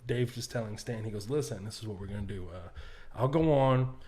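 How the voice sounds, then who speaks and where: A man on a podcast telling a backstage story in a casual, animated way, acting out what others said and laughing often. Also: lowish voice, a little fast. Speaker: podcast guest, comedian.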